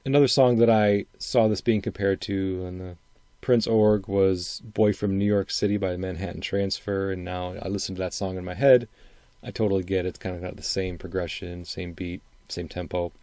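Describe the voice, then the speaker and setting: Low, mellow-voiced man from Wisconsin. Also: fairly even intonation, normal speed, no echo. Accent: upper Midwestern. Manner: rambling, thinking aloud, repeats words. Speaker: podcast host. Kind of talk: casual solo podcast commentary.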